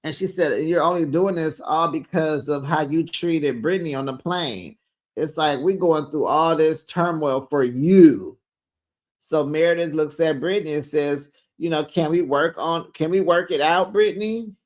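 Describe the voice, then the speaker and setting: A man's voice: on the high side, normal speed. A man hosting a casual reality TV recap, chatty and gossipy, acting out the cast's lines with sass. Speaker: host.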